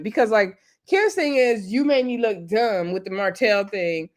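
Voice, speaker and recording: A woman's voice: fairly high pitch, brisk, hardly any pauses. A woman casually recapping a reality show episode, chatty and opinionated, retelling each scene in quoted dialogue.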